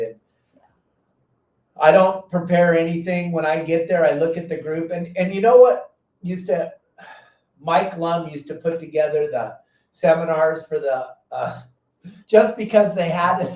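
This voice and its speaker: A brash, high-energy man, voice pitched a touch high. He talks loud and blunt, telling fishing show stories with a lot of punch. The mic sits at a distance in an echoey room. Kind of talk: casual podcast chat.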